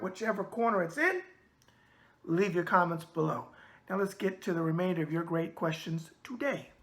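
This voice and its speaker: A brash man in his sixties with a thick New York accent, hosting a boxing show and answering viewer mail. His voice is bright and forceful, with a streetwise swagger and plenty of catchphrases. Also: high voice, expressive, normal speed. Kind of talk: casual chat answering viewer emails.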